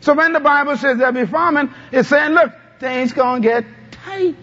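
A man's voice: very high-pitched, moderate pace, sharp tone. A male pastor preaching a sermon, calling on the congregation to answer back. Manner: call-and-response preaching, asks the congregation to answer. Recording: dull lo-fi sound.

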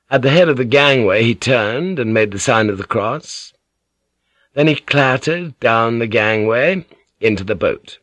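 A man reads a historical novel aloud in a measured, steady narration. His mid-pitched voice sits close to the mic in a dry, dead room with no echo. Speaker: audiobook narrator. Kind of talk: scripted narration.

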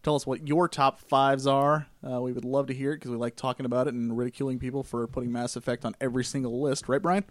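A man's voice: mid-range voice, flat delivery, fast talker, hardly any pauses, dry recording, clean studio sound. A man hosting a casual gaming podcast, breezily reading out the show's announcements. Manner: breezy, reads out show announcements. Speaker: podcast host.

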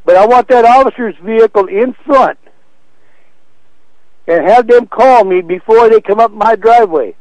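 A man's voice: high-pitched, moderate pace, long pauses, darkish tone, no echo. Stern older man on a dull phone line. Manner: stern, threatening, blunt. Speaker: prank call target. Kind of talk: angry phone call.

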